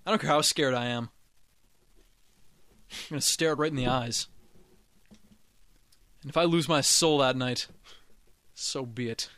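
A man's voice: medium pitch, unhurried, pauses often, a bit bright, no echo. A man co-hosting a casual podcast chat, full of playful, jokey interjections. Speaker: co-host.

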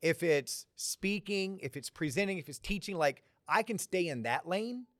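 Male host, somewhat high pitch, direct and punchy, dry sound. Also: lively intonation, normal speed, fairly bright tone, no echo. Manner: direct, gives short punchy advice. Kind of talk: casual panel talk. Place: university lecture hall before a student audience.

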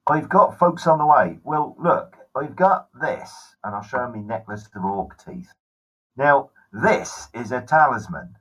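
Man playing a hot-tempered warrior woman, blunt, cursing, husky voice. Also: medium pitch, sing-song, a little slow, a bit bright, heavily acted, rough recording. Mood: boastful. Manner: blunt, swears often.

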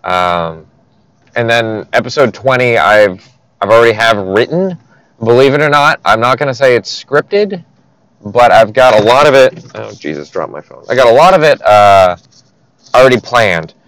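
A man's voice: mid-range voice, lively intonation, moderate pace, a bit bright, dry recording, rough recording. A man hosting a casual podcast monologue, rambling and swearing offhandedly, recorded on a headphone mic in a car. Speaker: podcast host.

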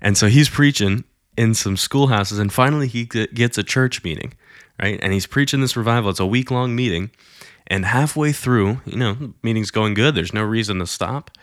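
Man, low voice, dry close sound, chatty faith storyteller who acts out quotes. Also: normal speed, no room sound. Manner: conversational retelling with many fillers, acting out quoted lines. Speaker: Christian storyteller. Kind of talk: casual storytelling.

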